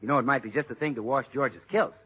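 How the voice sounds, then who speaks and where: A man's voice: medium pitch, fast, slightly rough. A man as announcer and comic foil on a 1940s radio comedy, with jovial, salesy patter. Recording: muffled old radio transcription.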